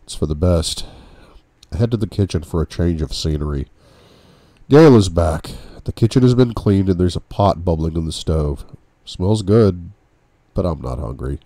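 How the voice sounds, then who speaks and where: A man narrating an audiobook in the first person, with a brooding, measured reading. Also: low voice, lively intonation, mellow, no room sound.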